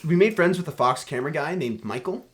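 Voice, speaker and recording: A young man from Canada, co-hosting a podcast and telling animated road-trip stories in casual chat. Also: on the high side, fast. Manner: animated, laughing storyteller. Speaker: podcast co-host.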